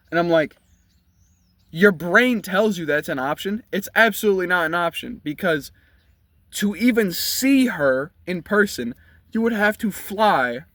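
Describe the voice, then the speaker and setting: A man's voice: high voice, fairly bright tone, dry recording. A man, ranting bluntly and profanely from inside his car. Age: 20s. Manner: blunt, profane, heated rant. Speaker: vlogger. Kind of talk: ranting commentary.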